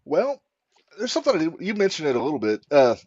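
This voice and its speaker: A man's voice: on the high side, huge pitch swings, quick pace, darkish tone, slightly rough, no room sound. A man co-hosting a podcast, asking a guest questions in a hesitant way with many fillers. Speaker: podcast co-host. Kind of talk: casual podcast interview. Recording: dull lo-fi podcast audio.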